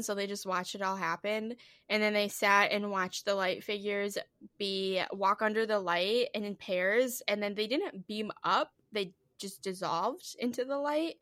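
Her voice mid-range and fairly bright, this woman co-hosts a podcast and retells a creepy tale in a relaxed, rambling way. She swears and says "like" constantly, and the studio recording carries no room sound.

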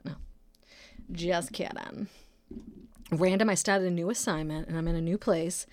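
A woman podcaster from Massachusetts talks in a loose, rambling way, swearing and joking as she goes. Her voice sits fairly low for a woman. The recording is dry and close, with no room sound. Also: fairly even intonation, moderate pace, long pauses, a little mellow, no echo. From Brockton, Massachusetts, USA. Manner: rambling, profane and jokey. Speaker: podcast host; nurse. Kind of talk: casual solo podcast chat.

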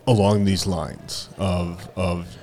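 A man's voice: sits low, flat delivery, slow pace, a little mellow. A man co-hosting a podcast in casual chat, with a dry, wry humor. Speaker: podcast co-host.

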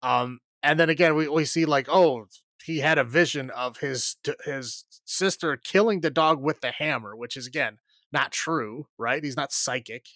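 Talking at a normal speed in a medium, slightly bright voice, a podcast co-host chats casually about a film. He's exasperated and meandering, often using fillers and starting over, and there's no echo.

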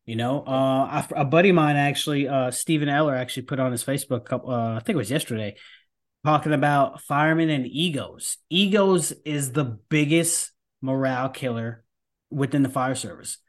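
A man's voice: mid-range voice, moderate pace. A man hosting a podcast, himself a firefighter, speaking in an earnest, emphatic and casual way.

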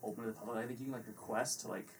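A man, the podcast producer, chiming in quietly and hesitantly from off-mic. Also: mid-range voice, steady tone, rapid-fire, slightly rough. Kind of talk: casual chat.

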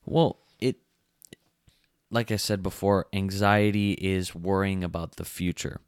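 A young man co-hosting a casual podcast, speaking softly and hesitantly, often restarting his sentences. His voice is very low, smooth and resonant. It is recorded close and dry. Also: steady tone, measured pace, no echo. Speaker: podcast co-host. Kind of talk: casual chat.

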